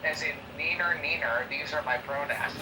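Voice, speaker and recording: A man's voice: fairly high pitch, unhurried. A man in a casual chat, telling an amused, playful story. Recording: distant, noisy recording.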